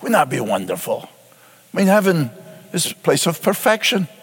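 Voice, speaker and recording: A man's voice: a little high, very animated, moderate pace, breathy edge, long reverb tail. A man pastor preaching a sermon emphatically, repeating key words and asking rhetorical questions.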